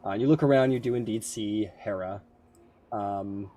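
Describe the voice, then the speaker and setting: A man's voice: lowish voice, moderate pace, mellow. A man narrating a tabletop game as game master, loose and full of fillers.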